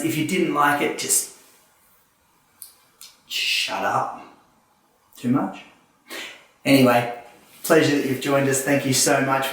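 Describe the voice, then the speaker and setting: A man's voice: mid-range voice, recorded from a distance. Cheeky Australian man hosting a comedy show. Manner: camp, cheeky and quipping. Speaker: host. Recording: echoey room, away from the mic.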